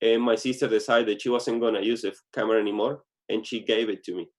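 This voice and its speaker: A man's voice: lowish voice, steady tone, fast. A man being interviewed as a guest photographer, talking casually and often restarting his sentences with small slips.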